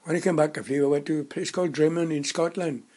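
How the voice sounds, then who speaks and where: A man in his nineties reminiscing in casual conversation, a halting storyteller who rambles and restarts his sentences. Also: fairly high pitch, steady tone, darkish tone. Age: 90s. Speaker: interviewee.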